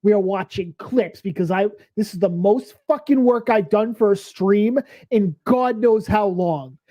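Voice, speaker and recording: A man's voice: sits high, measured pace, warm tone. A man hosting a reaction stream, ranting angrily and swearing, a little tipsy. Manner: angry, profane ranting. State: tipsy from beer. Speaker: stream host.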